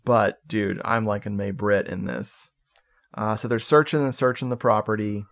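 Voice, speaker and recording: A man on a podcast casually recapping a movie plot, animated and joking, with swearing and laughing asides. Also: lowish voice, normal speed, creaky. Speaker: podcast co-host.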